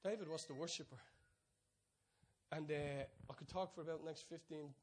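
Animated preacher man, higher voice. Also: normal speed. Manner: storytelling, swings from soft hushed asides to loud excited peaks. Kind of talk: sermon.

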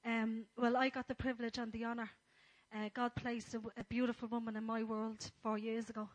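Woman, church speaker, gentle and flat-toned. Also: fairly high pitch, brisk, poor audio. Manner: earnest and gentle, with frequent fillers. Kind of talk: sermon talk.

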